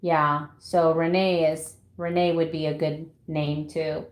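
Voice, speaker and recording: A woman in her fifties talks casually to her livestream viewers from home, laughing often and greeting them by name. Her voice sits a little low. The room around her gives a noticeable echo. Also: flat delivery, slow. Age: 50s. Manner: chatty, laughs often, reads out viewer names. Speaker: keto vlogger. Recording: echoey room.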